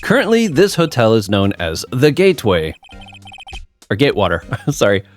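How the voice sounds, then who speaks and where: A man's voice: mid-range voice, huge pitch swings, moderate pace, faint music behind. A man voicing a smug, fawning hotel bellboy in a strange put-on accent, calling everyone sir. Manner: odd put-on accent, overly formal "sir".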